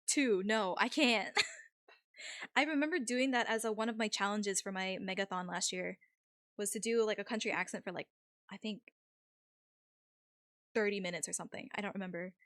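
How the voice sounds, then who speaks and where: A woman's voice: mid-range voice, moderate pace, pauses often, fairly bright tone, dry recording. Chatty young woman streamer, dry sound. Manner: rambling, filler-heavy, laughs often. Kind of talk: casual chat with stream viewers.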